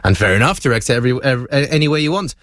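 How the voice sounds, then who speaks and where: A man's voice: mid-range voice, expressive, very fast, a bit bright, dry recording, clean studio sound. A man hosting a breakfast radio show, chatting casually, laughing often and reading out listener messages.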